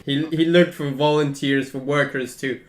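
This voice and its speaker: A man's voice: on the high side, steady tone, normal speed, reverberant, slight background noise. Hesitant man running a tabletop game. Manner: hesitant, many fillers. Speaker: game master.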